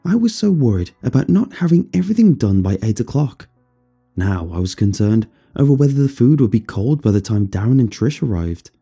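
A man tells a first-person horror story with measured, descriptive pacing. His voice is low, dark and mellow, with a gravelly, husky texture. Soft music plays faintly behind him. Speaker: narrator.

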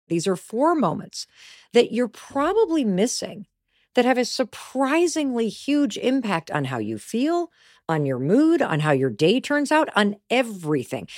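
Podcast host, woman, bright and animated, punchy emphasis, dry close sound. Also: on the high side, dry recording. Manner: emphatic, animated storytelling with stressed key words. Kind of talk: motivational podcast monologue.

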